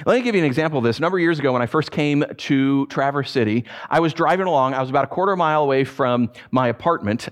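Pastor, male, slightly high voice, animated preacher who acts out his stories. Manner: animated storytelling, acts out his own frustrated voice. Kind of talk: sermon.

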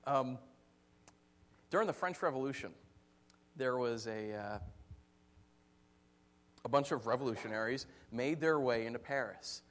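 A man preaching a sermon, telling stories with lively acted-out quotes and frequent laughter. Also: medium pitch, measured pace, pauses often. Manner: animated storytelling, acts out quotes, laughs often. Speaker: pastor.

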